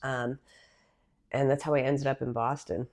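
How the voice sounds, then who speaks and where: Lively New woman telling stories. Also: very deep voice, moderate pace. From Massachusetts, US. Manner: lively storyteller, animated. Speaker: guest, personal trainer. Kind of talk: casual interview talk.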